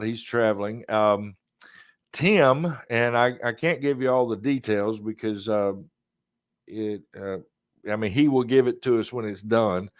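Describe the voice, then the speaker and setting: A man's voice: on the low side, dry recording. Laid-back Southern man, dry sound. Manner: rambling, laid-back, chuckles often. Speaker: podcast host. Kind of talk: casual chat.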